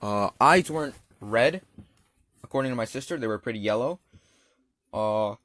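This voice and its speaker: A man's voice: mid-range voice, normal speed, a bit bright, dry recording. A young man casually telling a personal story over gameplay, rambling and slangy with lots of fillers. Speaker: gaming channel storyteller.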